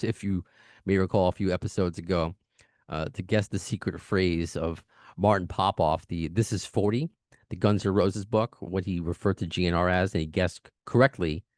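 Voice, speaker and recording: Deep-voiced New podcast host. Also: male voice, dry recording, clean studio sound. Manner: fast talking, chatty, laughs often. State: recovering from lost voice. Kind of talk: casual podcast chat.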